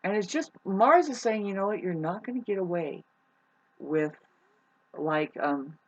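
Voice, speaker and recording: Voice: mid-range voice, animated, measured pace, muffled recording. A vlogger talking casually to viewers about astrology, meandering and restarting often, swearing casually. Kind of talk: casual rambling monologue to viewers.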